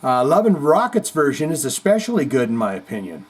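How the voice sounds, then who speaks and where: A man's voice: medium pitch, very animated, fairly quick, husky, rough recording. A man hosting a casual podcast, reading viewer comments aloud with chatty, rambling asides. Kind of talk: casual chat.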